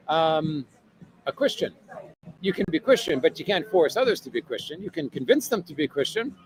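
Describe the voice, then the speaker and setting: A man with a high-sitting voice livestreams casually from a bar or restaurant, reading viewer comments and rambling with many fillers while frequently tacking "right?" onto his sentences. The audio is poor, with slight background noise.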